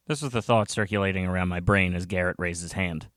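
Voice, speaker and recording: A man's voice: deep voice, fairly even intonation, fast talker, hardly any pauses, fairly bright tone, no room sound, studio quality. A man narrating a comic story in the first person, with wry, self-mocking asides.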